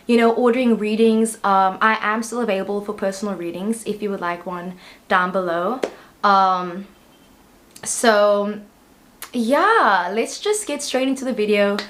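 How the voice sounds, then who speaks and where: A woman's voice: medium pitch, a bit bright. Bubbly woman tarot vlogger. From South Africa. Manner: bubbly, chatty and rambling. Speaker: tarot reader. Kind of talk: casual tarot reading vlog.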